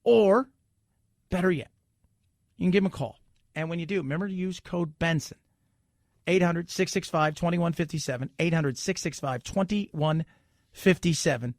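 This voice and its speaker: A man's voice: on the high side, normal speed, long pauses, dry recording, clean studio sound. A man hosting a talk radio show, chatty and opinionated, joking as he goes.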